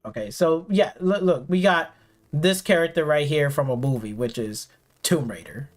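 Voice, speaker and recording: A man's voice: on the high side, normal speed. A man streaming games, ranting sarcastically and profanely, rambling with many fillers in an exasperated tone. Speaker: gaming streamer.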